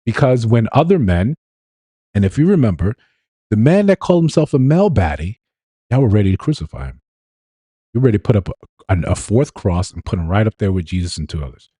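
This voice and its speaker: A man delivers a livestream commentary monologue in a low, mellow register. He leans on emphatic repetition and rhetorical questions. The sound is dry and close, with no room around it. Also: sing-song, fairly quick, breathy edge, no room sound. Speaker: livestream host.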